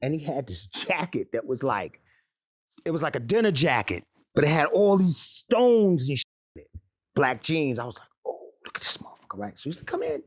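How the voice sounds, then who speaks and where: This guest's fairly high, sing-song voice moves at a moderate pace as he spins an outrageous story in an interview. Cursing freely, he chuckles through it and imitates the voices of the people he's describing.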